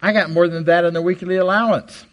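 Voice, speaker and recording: An older man giving an animated, self-deprecating storytelling talk to a live audience on a handheld mic. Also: quick pace, poor audio. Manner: animated, jumps high for quoted voices. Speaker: guest speaker. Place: hall with audience. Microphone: handheld microphone.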